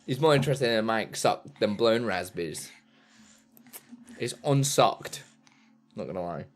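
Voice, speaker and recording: A man's voice: on the low side, expressive, unhurried. A man streaming from his home setup, chatting playfully into a desk microphone and slipping into baby talk with his son. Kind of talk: casual chat on stream.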